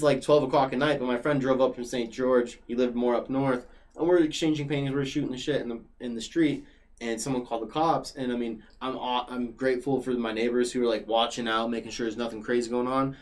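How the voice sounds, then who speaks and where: A young man with a mid-range voice talks fairly quickly as a podcast guest and former regular. He's an animated storyteller, chatting casually and packing his tales with fillers like "like."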